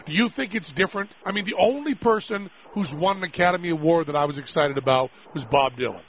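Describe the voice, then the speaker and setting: Brash male radio host, quick to argue and joke, high-pitched, muffled broadcast quality. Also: expressive, fairly bright tone, a little hiss or hum. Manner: brash, joking, argumentative. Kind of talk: casual call-in radio chat.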